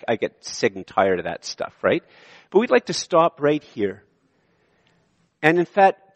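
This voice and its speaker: A Canadian man delivers an animated sermon in a fairly high voice that rises and drops back to a near hush. His words ring with the long reverb of a large church hall, yet the pickup stays close and dry. He preaches with emphasis and leans on key phrases. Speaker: pastor. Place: church sanctuary.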